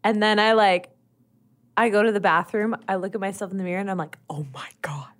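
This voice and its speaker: A woman player in a tabletop game who acts out her character with bubbly excitement. She breaks into laughter and sudden pitch jumps, at a middling pitch, loose and playful. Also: fast talker, a little hiss or hum. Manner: animated, giggly, excitable. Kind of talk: casual in-character play.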